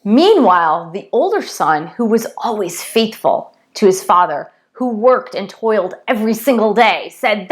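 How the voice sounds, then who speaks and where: A woman speaking with earnest conviction as she teaches a spiritual lesson. Her pitch sits in an ordinary middle range. She repeats words for emphasis as she tells a story. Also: very animated, measured pace, few pauses. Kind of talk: spiritual teaching with parable retelling.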